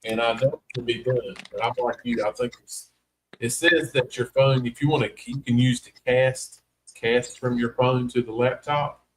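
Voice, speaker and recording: A man's voice: medium pitch, fairly even intonation, moderate pace, rough recording. A middle-aged man, hosting a casual livestream chat in a rambling, folksy way. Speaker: host.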